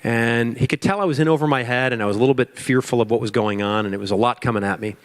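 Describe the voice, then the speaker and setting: A man's voice: medium pitch, fairly even intonation, fast talker. Motivational man speaking to a crowd. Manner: storytelling, emphatic repetition. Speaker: keynote speaker. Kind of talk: motivational speech.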